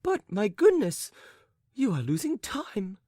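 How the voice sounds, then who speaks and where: A man voicing a giddy elderly noble lady, shrill and breathless with laughter. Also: expressive, unhurried, a little mellow, no room sound, clean studio sound. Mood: eager.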